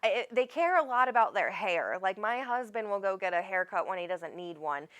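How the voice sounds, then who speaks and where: A woman's voice: mid-range voice, animated, a little fast, a bit bright. A woman hosting a live psychic reading, chatty and rambling, often calling people honey. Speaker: psychic medium host.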